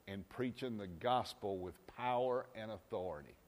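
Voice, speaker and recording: A male pastor preaching a folksy sermon, swinging from loud exhortations to quiet asides. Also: lowish voice, moderate pace, few pauses.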